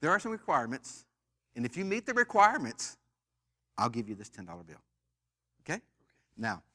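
In a brisk, bright and forceful delivery, an American pastor's medium-pitched voice swoops wildly as he preaches. He draws the congregation into call-and-response and kids around with its members.

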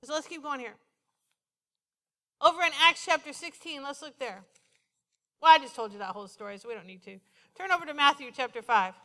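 A woman's voice: sits high, brisk, pauses often, fairly bright tone, in a large hall. A middle-aged woman pastor preaching a conversational sermon, repeating phrases for emphasis.

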